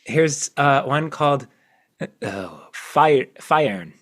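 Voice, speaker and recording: A man hosting a casual podcast, reading his own poems aloud in a halting way, self-deprecating and quick to laugh. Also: medium pitch, very animated, fairly bright tone. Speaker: podcast host.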